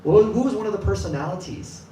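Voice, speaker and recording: In a temple hall before a live audience, a high-pitched man talks fast through a casual sermon, telling a story and acting out the quoted voices of its characters. The recording sounds echoey and distant, with faint ambience and slight background noise.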